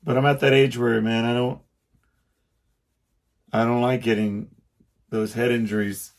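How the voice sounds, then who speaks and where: A man's voice: mid-range voice, level tone, unhurried. A middle-aged man hosting a podcast, telling a rambling personal story in a casual monologue and acting out the quotes. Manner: rambling, self-interrupting, acts out quotes. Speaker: podcast host.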